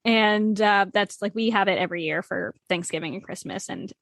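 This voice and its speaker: A woman, hosting a casual podcast interview, chatty and quick to laugh. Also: mid-range voice, vocal fry, a bit bright, dry recording, studio quality. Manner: bubbly, laughs often, many fillers. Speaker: podcast host.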